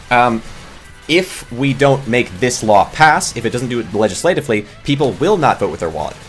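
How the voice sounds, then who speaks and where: A man creating gaming videos, ranting off the cuff in a rambling, exasperated way, full of restarts and fillers. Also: on the low side. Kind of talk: off-the-cuff commentary rant.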